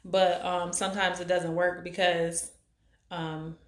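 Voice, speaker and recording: A woman's voice: on the low side, little pitch movement. A woman of about forty hosting a live stream, chatting casually and rambling with lots of fillers as she greets viewers. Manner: rambling, halting, many fillers. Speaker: live-stream show host. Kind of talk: casual chat reading viewer comments. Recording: echoey room.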